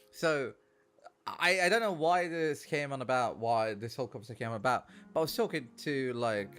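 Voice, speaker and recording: A young man, chatting casually on a gaming stream, telling animated stories, swearing and laughing. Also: medium pitch, moderate pace, clear, resonant tone. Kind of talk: casual chat while gaming. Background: faint background music.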